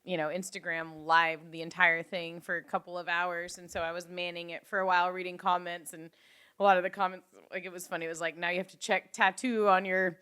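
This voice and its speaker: A woman's voice: fairly low pitch, fast talker, clear, resonant tone. A young woman, a radio broadcaster co-hosting a podcast, chatting casually and telling stories with frequent laughs. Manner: lively storytelling, laughs often. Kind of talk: casual chat.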